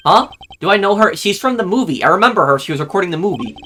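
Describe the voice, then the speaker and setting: A man's voice: sits high, expressive, fast, bright, forceful tone. A man giving casual commentary while playing a story game, reacting aloud and reading on-screen details. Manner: reacts aloud, reads names and dates. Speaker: let's play gamer.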